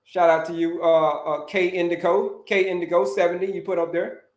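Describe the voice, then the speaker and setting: Energetic man coaching in an echoey room. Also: sits high, moderate pace. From Orlando, Florida. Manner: energetic, repetitive, calls out to viewers. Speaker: health coach and livestream host. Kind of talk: casual live-stream teaching.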